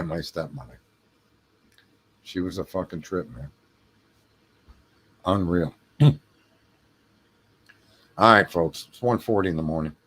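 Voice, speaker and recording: A man hosting a late-night livestream, telling a rambling story with lots of swearing, laughter and throat clearing. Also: sits low. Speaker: livestream host. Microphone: home streaming mic.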